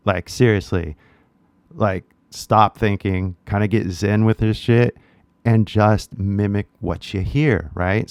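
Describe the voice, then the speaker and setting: Man, Californian accent, relaxed slangy teacher, lowish voice, dry close recording. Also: smooth, dry recording. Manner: laid-back slangy talk with lots of "like" and "right?". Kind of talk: casual direct-to-camera lesson.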